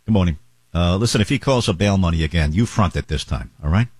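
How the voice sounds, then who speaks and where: A man with a husky, low-set voice hosts morning radio at a rapid clip. He reads ads in a brash, joking way, ad-libbing as he goes. The sound is close and dry. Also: expressive, a little mellow, no room sound. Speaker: radio show host. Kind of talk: morning radio talk and live-read ads. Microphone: close studio microphone.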